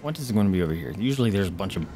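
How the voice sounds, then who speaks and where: Low and expressive, this man's voice races along as he streams a video game, with background noise behind him. He's jittery, swinging between mumbled remarks and sudden startled yelps and swearing as he narrates live.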